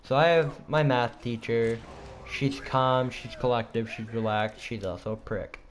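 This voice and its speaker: A man's voice: medium pitch, unhurried. Teenage boy rambling through a joking story. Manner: rambling, joking, with frequent self-corrections. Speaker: student vlogger. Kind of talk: casual storytelling.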